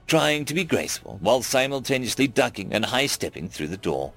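A man narrating a first-person science fiction story in a wry, expressive way. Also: mid-range voice, normal speed, creaky, hardly any pauses, soft background music. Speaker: audiobook narrator.

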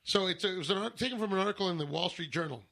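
A man's voice: high voice, very fast, gravelly, background noise. A man co-hosting a casual radio talk show, reading news aloud in a mock-formal public radio style. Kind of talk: casual banter. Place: Los Angeles area studio.

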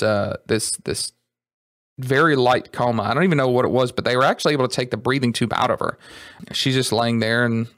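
A man hosting a podcast, retelling a painful family story in an earnest, halting way with many restarts. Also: medium pitch, gravelly, a bit bright, no room sound, clean studio sound. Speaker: podcast host. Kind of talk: personal storytelling.

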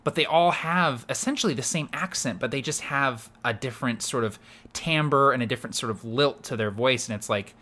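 A man's voice: medium pitch, fairly quick, sharp tone. A man co-hosting a podcast, explaining voice-acting tips in a chatty, filler-heavy way. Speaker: podcast co-host. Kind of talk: casual chat.

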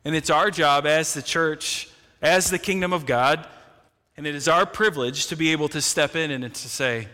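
A male pastor delivers an impassioned sermon in a church, his bright, forceful voice ringing with a long reverb. He swings between hushed, low moments and raised, emphatic bursts. He often repeats a word as he starts a new thought. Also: normal speed. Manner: impassioned preaching, swinging from quiet to loud; repeats words when starting phrases. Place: church sanctuary.

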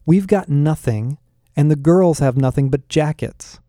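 A man's voice: a little high, unhurried, warm tone, dry recording, clean studio sound, lightly acted. A man reading aloud, voicing a blunt young man who sounds fed up and exasperated.

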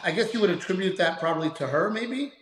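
A male podcast host asking quick, reactive questions in a casual interview. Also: high voice, expressive, a bit bright. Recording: roomy echoey mic.

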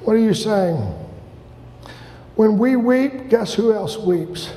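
Male preacher, fervent sermon, frequent shouting, high gravelly voice, long hall reverb. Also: takes it slowly, slight background noise.

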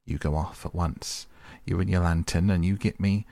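A man reading a storybook, voicing a commanding, hearty male water rat in a deep, gravelly voice. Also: fairly even intonation, mellow, no room sound. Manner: commanding, brisk.

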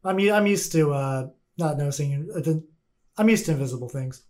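A man running a tabletop game as game master, chatting casually with quick asides and laughs. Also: on the high side, expressive, darkish tone.

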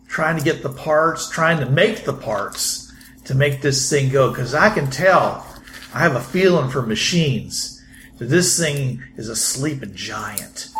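A man's voice: medium pitch, bright, forceful tone, reverberant, a little hiss or hum. A man voicing a rambling bar-owning tinkerer. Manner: halting, full of ums and trailing restarts. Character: rambling male bar-owner tinkerer, proud of his bike.

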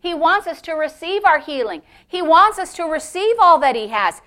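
Woman pastor, middle-aged, high bright voice, emphatic sermon delivery that drops to a hush. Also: very animated, moderate pace. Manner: emphatic preaching that swings from loud exclamations to hushed near-whispers.

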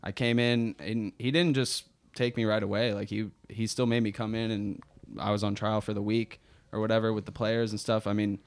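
A young man with a low voice talks as a podcast guest, loose and laughing easily. The recording is dry and close. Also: flat delivery, moderate pace, hardly any pauses, no echo. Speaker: guest, professional soccer player. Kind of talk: casual interview chat.

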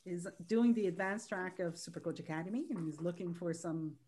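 A woman, hosting a casual podcast, chatty and quick to laugh. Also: fairly low pitch, mellow. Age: 40s. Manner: chatty, laughs easily, trails off. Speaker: podcast host.

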